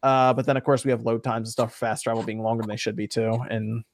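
A man's voice: mid-range voice, little pitch movement, no room sound, studio quality. A man hosting a casual gaming talk show, reading out viewer messages and giving his opinions. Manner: quick, upbeat, reads out chat questions.

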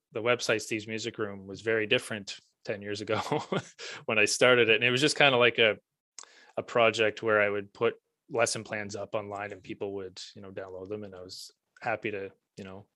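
A man with a Prince Edward Island Canadian accent, a music teacher and author chatting as a guest in a relaxed way and trailing off softly at the ends of his thoughts. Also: lowish voice, normal speed, dry recording, studio quality. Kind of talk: casual interview conversation.

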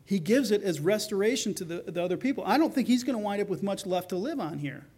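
A man's voice: sits high, lively intonation, fast, darkish tone, husky. A middle-aged male pastor preaching a sermon in a conversational way, acting out the voices he quotes.

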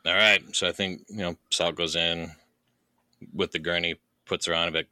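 A man playing a tabletop game who talks casually and cracks wry jokes. His voice is very low but hard and bright. It is recorded dry and close. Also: little pitch movement, normal speed, dry recording. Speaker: player.

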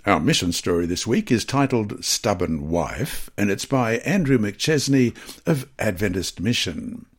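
A man reading scripture passages, study questions and a mission story aloud in a measured, expressive manner. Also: lowish voice. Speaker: devotional reader.

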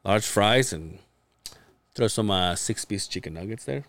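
A man's voice: fairly low pitch, animated, measured pace, a bit bright. Rambling guy telling work stories. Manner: rambling anecdotes, acts out quoted dialogue, profane. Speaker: podcast co-host. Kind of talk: casual storytelling chat.

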